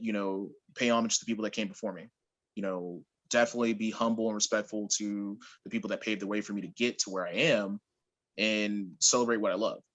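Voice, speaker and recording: A young man, a pro wrestler, chatting as an interview guest, telling animated stories and laughing often. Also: fairly low pitch. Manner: animated storyteller, laughs often, acts out quotes. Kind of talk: casual interview chat.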